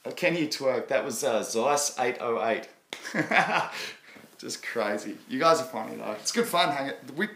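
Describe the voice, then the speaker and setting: A man's voice: mid-range voice, fairly bright tone. Australian male streamer, casual and rambling, answers chat questions; recorded in an echoey room. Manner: rambling, chatty, answers viewer questions, laughs often. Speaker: live stream host.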